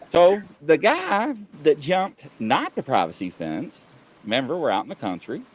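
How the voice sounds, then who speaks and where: A man, co-hosting a casual video-call show and telling a lively story while acting out the other people in it. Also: fairly high pitch, a little slow, a little hiss or hum, poor audio. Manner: animated storyteller, acts out voices of others. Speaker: podcast co-host, former police officer.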